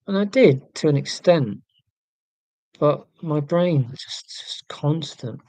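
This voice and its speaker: A man's voice: fairly high pitch, animated, slow, warm tone, dry recording. A man in his forties chatting casually on a livestream, reading viewer comments and rambling in a wry, self-mocking way with lots of ums and restarts. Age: 40s.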